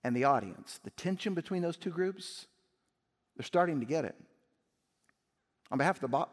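A man's voice: medium pitch, moderate pace, long pauses, big-room sound. A man preaching a sermon as pastor, emphatic and often rising to raised intensity.

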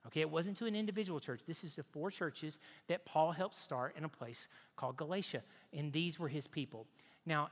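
A man's voice: on the high side, fairly bright tone, big-room sound. A man preaching a sermon, emphatic, posing rhetorical questions to the congregation and repeating his key points.

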